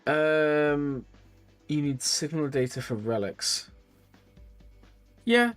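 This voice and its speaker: Speaking extremely slowly with long pauses, this man reviews game accounts on a live stream while faint music plays. He gives casual, rambling advice, chats on with a lively pitch, and repeats phrases. Tiredness shows in his yawning.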